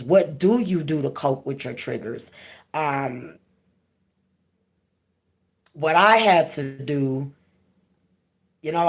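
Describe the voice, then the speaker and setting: A woman hosting her own channel, talking frankly and emphatically in a candid personal vlog, casual and sometimes profane. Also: sits low. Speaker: channel host.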